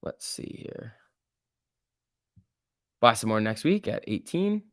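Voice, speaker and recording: Guy doing a stock livestream, super animated voice, slangy, chatting w/ viewers, dry close sound. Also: on the low side, slow, no room sound. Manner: animated, talks to chat by name, slangy. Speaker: stock market livestream host. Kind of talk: casual livestream commentary.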